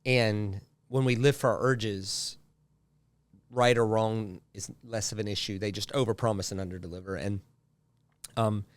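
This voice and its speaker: A man's voice: lowish voice, steady tone, measured pace, dry recording. A man, a guest pastor, talking in a casual podcast conversation, telling stories with lots of repeated phrases for effect.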